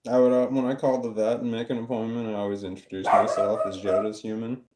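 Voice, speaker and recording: A man's voice: mid-range voice, level tone, fast, very noisy. A man chatting casually on a home live stream with a phone at arm's length, rambling and joking at his own expense. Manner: rambling, self-mocking, jokey. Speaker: YouTuber chatting with a live chat. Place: at home, indoor room. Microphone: phone held at arm's length. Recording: home phone audio with dog barking. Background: dog barking.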